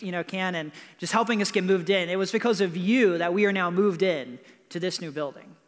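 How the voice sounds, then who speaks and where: Pastor, male, high voice, casual preaching style, long church reverb; keeps checking in with "right?". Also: fairly bright tone. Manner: conversational preaching with frequent "right?" asides. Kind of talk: sermon. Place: church building.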